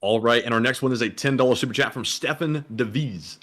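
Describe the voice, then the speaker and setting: A man co-hosting a casual livestream chat, reading viewer donation messages aloud in a relaxed manner. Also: mid-range voice, brisk.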